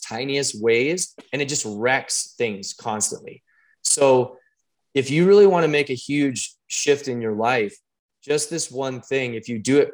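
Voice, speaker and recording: A man in a relaxed conversation, speaking at an everyday middle pitch. He talks like a coach and tells stories with real animation, full of "like" and "right?", often restarting his sentences as he goes. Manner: animated storyteller, frequent fillers and restarts. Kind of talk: casual conversation.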